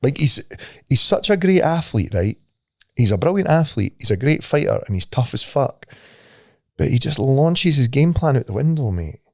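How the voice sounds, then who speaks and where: A man's voice: mid-range voice, big pitch swings, moderate pace, a little mellow, no echo, clean studio sound. A Scottish man co-hosting a podcast in casual chat, swearing freely and laughing at his own stories. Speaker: podcast co-host.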